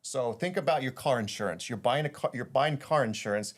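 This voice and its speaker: A man's voice: mid-range voice, brisk. A man, a guest on an interview show, telling his story casually with fillers and restarts. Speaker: guest, title insurance executive.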